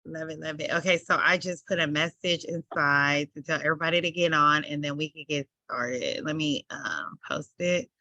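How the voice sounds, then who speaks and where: A woman's voice: deep voice, moderate pace, few pauses, sharp tone, no room sound. A woman hosting a mentorship program on a video call, chatting enthusiastically with her guest and laughing often. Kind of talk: casual chat with guest.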